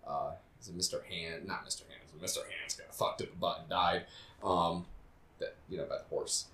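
A man's voice: low-pitched, steady tone, moderate pace, bright, forceful tone. A man co-hosting a podcast, rambling through crude, profane banter with frequent laughs. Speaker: podcast co-host. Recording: roomy echo.

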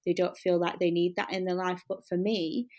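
A woman's voice: lowish voice, little pitch movement, moderate pace, a little mellow. A woman in her early twenties co-hosting a casual podcast, talking in a reflective way and filling her speech with "like". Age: 20s. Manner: reflective, many fillers like "like". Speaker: podcast co-host. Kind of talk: casual chat.

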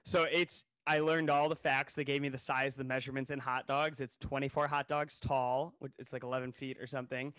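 A man co-hosting a podcast, telling a funny story in a casual, animated way and acting out what people said. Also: mid-range voice, fairly quick, hardly any pauses, clear, resonant tone, no echo. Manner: animated, jokey storyteller who acts out quotes. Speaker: podcast co-host. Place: New York City.

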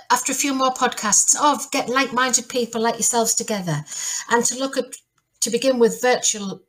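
A middle-aged woman hosting a podcast, chatty and rambling with asides and restarts. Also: on the high side. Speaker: podcast host. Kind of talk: casual chat.

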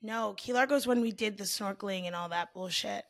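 A woman co-hosting a podcast, chatting casually and cursing now and then, with stretched vowels and a New York–Jersey tinge. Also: medium pitch. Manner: casual, swearing, drawn-out vowels. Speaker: podcast co-host. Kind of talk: casual chat.

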